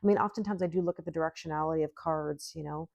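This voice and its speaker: A woman's voice: sits low, steady tone, very fast, gravelly, darkish tone, no room sound, muffled recording. A woman doing a solo tarot reading, chatty and giggly, musing aloud with lots of hmms. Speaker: tarot reader.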